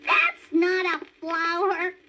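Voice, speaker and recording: A woman voicing an excitable young male rabbit in a storybook record, chattering high and bouncy. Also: slow pace, heavily acted. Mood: eager. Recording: dull crackly old vinyl record.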